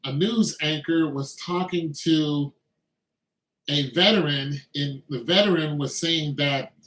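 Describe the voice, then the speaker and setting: Veteran guy vlogging, slightly high voice, easygoing rambling delivery, echoey room. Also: takes it slowly, a bit bright. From Braddock, Pennsylvania. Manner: loose, conversational, heavy on filler phrases. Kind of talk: casual commentary monologue.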